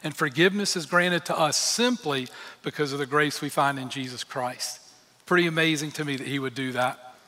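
A male pastor delivers a sermon in an earnest, emphatic way, breaking off for candid personal asides. His voice sits a little high and has a bright, forceful edge. The sound carries a long reverb, as in a church sanctuary. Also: normal speed.

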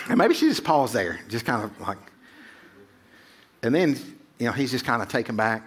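A man's voice: mid-range voice, very animated, normal speed, pauses often. A middle-aged male pastor giving a sermon in a casual, conversational way, often checking in with 'right?'.

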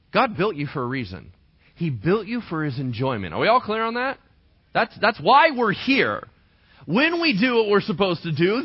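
Animated preaching man, lively pitch. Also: husky. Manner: animated, conversational preaching with rhetorical questions. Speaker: pastor. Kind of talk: sermon. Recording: dull lo-fi dry recording.

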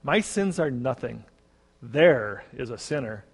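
A man's voice: medium pitch, expressive, takes it slowly, creaky, husky, exaggerated voice. A man voicing a proud, fault-finding younger brother who eagerly accuses his sibling. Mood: dismissive. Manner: eager, accusing, self-righteous. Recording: long reverb.

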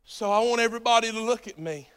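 A male pastor preaching a sermon in a church, talking straight to the congregation and swinging from soft, close words to loud emphatic lines. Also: very high-pitched, fast, clean tone. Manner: talks directly to the congregation. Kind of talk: sermon with altar call. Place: church sanctuary. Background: soft live music, piano and guitar.

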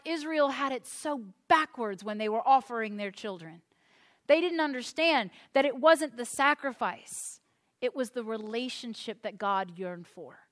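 A woman's voice: fairly high pitch, fairly bright tone. A woman pastor preaching a sermon, earnest and emphatic, often repeating a point for weight.

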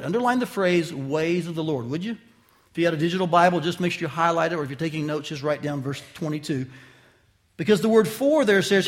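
A man with a fairly high voice preaching an expository sermon. He talks straight to his listeners, asking them questions. His delivery swings from loud to quiet for emphasis. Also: animated, brisk. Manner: addresses listeners directly with questions. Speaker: pastor.

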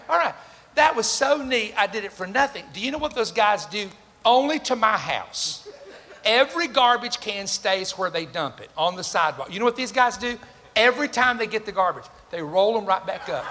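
A man's voice: high-pitched, normal speed. An older man, preaching a sermon and telling stories, acting out the voices of the people in them. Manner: animated, acts out quoted voices, jokes with the congregation. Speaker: pastor. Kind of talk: sermon with storytelling. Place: church sanctuary. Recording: reverberant hall with faint ambient noise.

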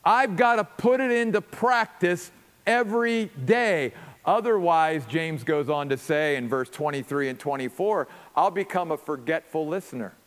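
High-voiced man preaching in a reverberant hall. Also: normal speed. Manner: earnest, emphatic, repeats words as he builds a point. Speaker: pastor. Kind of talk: sermon.

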